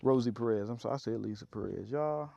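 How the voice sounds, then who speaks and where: A man's voice: medium pitch, quick pace, vocal fry, dark tone, no echo, dull audio. A man vlogging from his off-grid homestead, rambling casually to his viewers and worn out from digging. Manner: rambling, talkative, addresses viewers as y'all. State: tired after digging.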